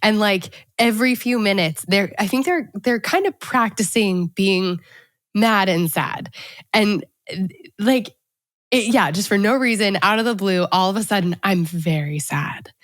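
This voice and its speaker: A woman's voice: mid-range voice, expressive, a little slow, no room sound. Woman in her thirties, podcast host, chatty, dry close-mic sound. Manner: warm, chatty, storytelling about her kids. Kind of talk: casual podcast chat.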